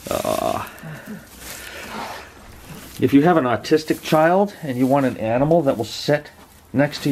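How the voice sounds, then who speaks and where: A dog breeder sits among his puppies and chats casually into a handheld camera mic, his medium-pitched male voice set against background noise. He rambles, repeating and restarting words, with a gentle affection in his tone.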